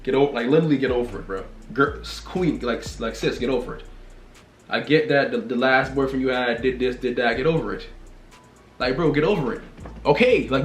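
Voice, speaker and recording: A man's voice: moderate pace, long pauses, faint music behind. Man ranting bluntly in a roomy space. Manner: blunt, repetitive, swings from loud exclamations to low mutters. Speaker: vlogger. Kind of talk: casual rant to camera.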